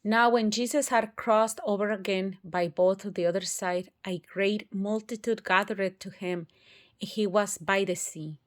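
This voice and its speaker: A woman's voice: medium pitch, steady tone, measured pace. A woman reading scripture aloud, carefully and with occasional restarts. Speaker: Bible reader.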